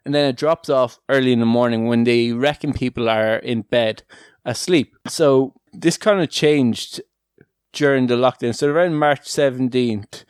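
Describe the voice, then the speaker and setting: A man's voice: mid-range voice, smooth, dry recording, studio quality. A young Irish man hosting a podcast in casual chat, talking loosely with many fillers and frequent laughs. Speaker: podcast host.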